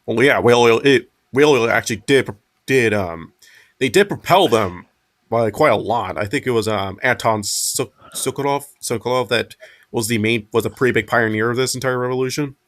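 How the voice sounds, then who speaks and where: A man hosting a casual podcast, reading a fanfic aloud and chatting, halting with ums and self-corrections. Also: mid-range voice, fairly bright tone.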